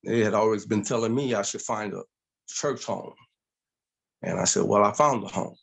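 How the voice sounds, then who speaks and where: A middle-aged man telling his story as an interview guest, animated and acting out voices in quotes. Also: fairly low pitch, moderate pace, creaky.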